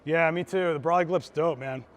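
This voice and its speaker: A man's voice: on the high side, moderate pace. A man who is a photographer giving a live gear demo on a trade show floor. He talks in a casual, enthusiastic, chatty teaching manner.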